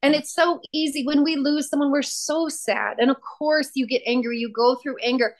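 A woman's voice: high-pitched, steady tone, normal speed. A woman sharing her testimony as a podcast guest, fervent and emphatic, repeating key phrases for weight. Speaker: podcast guest, prayer ministry founder.

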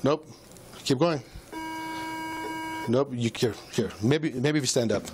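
A male police officer recorded on a body camera, talking at a middling pitch as he patiently coaches a breath test with short, repeated commands. The audio is noisy, with a clear hiss and room sound under his voice. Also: a little slow. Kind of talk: bodycam breath test instructions.

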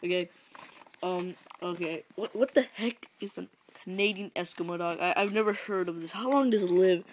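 A woman's voice: fairly low pitch, moderate pace, slight background noise, rough recording. A woman chatting casually and goofily, exclaiming a lot and swearing. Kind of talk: casual chat.

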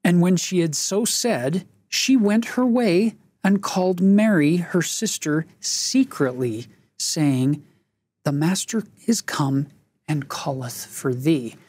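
Slow, husky-voiced woman teaching scripture. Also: on the low side, animated, darkish tone, no room sound. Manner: reads verses aloud and comments earnestly; asks listeners reflective questions. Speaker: scripture study host. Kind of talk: scripture lesson discussion.

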